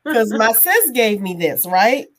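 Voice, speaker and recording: High-voiced woman preaching to viewers. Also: sing-song, slow, crowd noise. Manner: preachy, addresses viewers directly. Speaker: co-host. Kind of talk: faith talk show chat.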